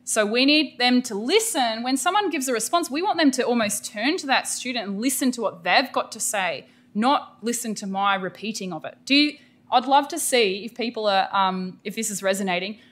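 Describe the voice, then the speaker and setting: A middle-aged Australian woman gives an energetic, emphatic professional development lecture to teachers. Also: fairly high pitch, normal speed. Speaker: teacher educator presenting a workshop.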